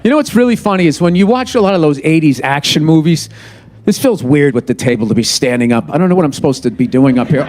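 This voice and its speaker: A man's voice: fairly high pitch, animated, quick pace. A man in his fifties doing stand-up on a club stage, ranting in an exasperated, profane way. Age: 50s. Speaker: stand-up comedian. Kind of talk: stand-up comedy routine. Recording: live audience and crowd noise.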